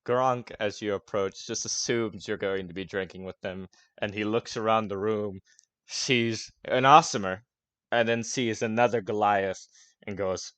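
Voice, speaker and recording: A man's voice: on the low side, steady tone, measured pace, a bit bright, no echo. A young man narrating as game master in a loose, laughing, casual way. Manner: casual, laughing, lots of fillers and swearing.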